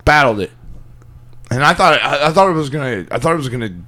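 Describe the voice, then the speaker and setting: Brash, bright-voiced podcast man. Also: medium pitch, lively intonation, fast talker. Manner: brash, profane, loud outbursts. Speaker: podcast co-host. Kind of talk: crude casual banter.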